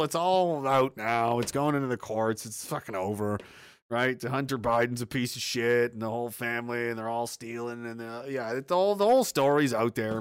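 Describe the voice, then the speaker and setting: A man hosting a livestream, ranting casually with lots of swearing and sudden loud outbursts. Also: mid-range voice, smooth, no room sound, studio quality. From partly Nova Scotia, Canada. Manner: rambling, profane, animated, bursts into shouts. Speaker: livestream host. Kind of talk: casual profane livestream rant.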